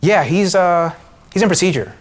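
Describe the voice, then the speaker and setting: A man voicing an evasive female hospital doctor in a high, clipped voice. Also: lively intonation, moderate pace.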